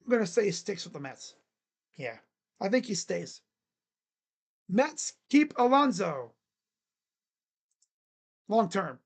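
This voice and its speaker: A sports channel host chatting casually on a live stream, making predictions in a jokey, rambling way with sudden shouted bits. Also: medium pitch, sing-song, takes it slowly, long pauses. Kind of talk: casual live-stream commentary on baseball free agents.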